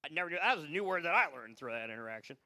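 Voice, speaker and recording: A weary male open mic comedian rattles through a profane, rambling set. His voice sits high, swings widely and sounds bright and sharp. He laughs at his own jokes, and the sound is dry and close. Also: animated, very fast, dry recording. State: tired.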